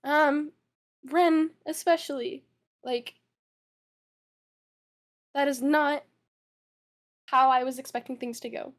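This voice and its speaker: A young woman with a high voice speaks in an emotional interview, tearful and upset. She stumbles, repeats her words and keeps apologizing as she talks it through. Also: steady tone, slow, pauses often. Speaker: interviewee, witness.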